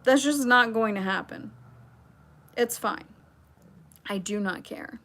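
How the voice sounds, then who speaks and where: A woman's voice: fairly high pitch, slow pace, fairly bright tone. Young adult woman, stream host; casual, sarcastic, blunt, wanders off on tangents. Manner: sarcastic, blunt, rambling with asides. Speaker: livestream host reading chat. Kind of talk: casual livestream chat.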